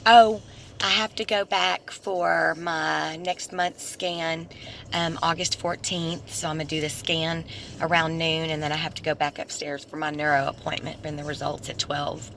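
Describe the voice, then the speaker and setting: A tired woman giving a casual vlog update while she drives, ranting heatedly about her trouble. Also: lowish voice. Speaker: vlogger. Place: in a car. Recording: loud road noise in a car.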